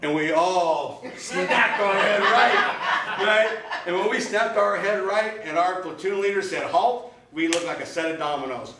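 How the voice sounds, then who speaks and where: A man's voice: high voice, measured pace, hardly any pauses, heavy background noise. A man giving an emphatic motivational club speech, telling stories in punchy, repeated phrases. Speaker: club speaker. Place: meeting room. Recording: echoey room from far off.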